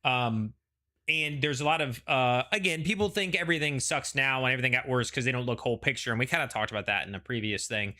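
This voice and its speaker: A man with a bright, forward voice hosts a casual pre-show chat. He rambles and hedges as he talks, easy and conversational. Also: mid-range voice, quick pace. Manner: rambling, hedging, chatty. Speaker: show host.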